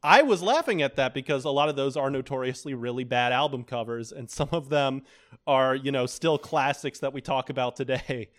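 A man co-hosting a podcast, giving his opinions in relaxed, thoughtful casual chat. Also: mid-range voice, a little fast. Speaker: podcast co-host.

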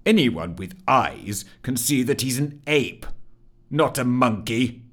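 A curt, pedantic office clerk, as a man reads him speaks in short, dry remarks. The voice stays close to the narrator's own, only slightly firmer. It carries a lively, up-and-down storybook tone. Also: medium pitch, takes it slowly. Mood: stern.

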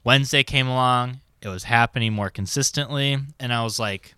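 Young man, casual wry chat, smooth resonant voice, restaurant table. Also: mid-range voice, brisk, pushed and bright, no room sound, studio quality. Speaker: podcast co-host. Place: public restaurant seating area. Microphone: podcast microphone.

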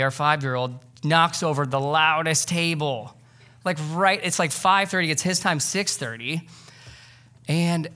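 A man's voice: a little high, a bit bright. Casual, conversational man preaching. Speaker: pastor. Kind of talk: sermon. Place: church sanctuary.

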